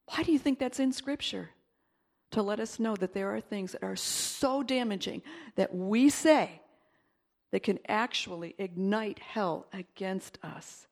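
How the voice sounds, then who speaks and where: A woman pastor preaching a sermon and leading prayer, emphatic, dropping to whispers and rising to loud exclaiming. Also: mid-range voice, unhurried.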